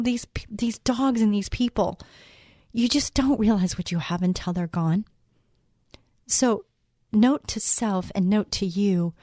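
Woman, middle-aged, radio host, earnest, faith talk monologue, mellow voice, dry sound. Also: medium pitch, no room sound. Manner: earnest, addresses listeners directly with questions.

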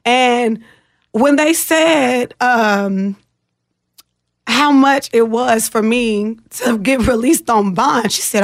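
A woman's voice: fairly high pitch, slow, no echo, clean studio sound. A woman guest in an interview, earnestly retelling a distressing personal experience and acting out others' words. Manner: earnest, emotional retelling with animated quoted voices.

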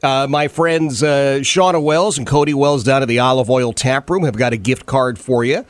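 A man's voice: medium pitch, fairly even intonation, moderate pace, no room sound. A man hosting a talk radio interview, earnest, often repeating words and using fillers. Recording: dry studio sound.

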